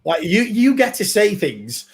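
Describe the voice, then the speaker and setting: A playful man from Wales chatting during a live football stream, his voice slightly high. He teases his co-host and talks straight to the viewers in a relaxed, joking way. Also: a little slow, vocal fry. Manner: playful, bantering with chat and co-host. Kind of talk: casual live match chat.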